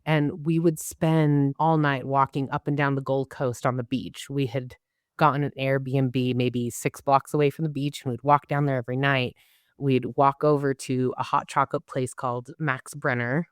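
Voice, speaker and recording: In studio quality with no room sound, a woman in her twenties speaks in a rumbling low voice at normal speed. As a podcast guest, she casually and animatedly tells travel stories, acting out quoted dialogue.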